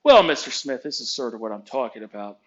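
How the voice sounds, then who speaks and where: A man's voice: mid-range voice, big pitch swings, fast, natural voice. A man putting on the voice of a smug, condescending male HR manager, patronizing and scolding, on a dull lo-fi recording.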